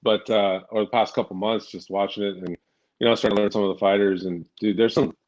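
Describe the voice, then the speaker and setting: A man's voice: lowish voice, fairly even intonation, fast talker, darkish tone, muffled recording. A man in casual podcast chat, talking hesitantly and putting himself down.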